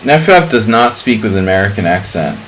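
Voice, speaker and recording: A man's voice: fairly low pitch, big pitch swings, quick pace, a bit bright, slight background noise, poor audio. A middle-aged man streaming chess, chatting casually in a rambling way with lots of fillers. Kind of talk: casual live-stream chat.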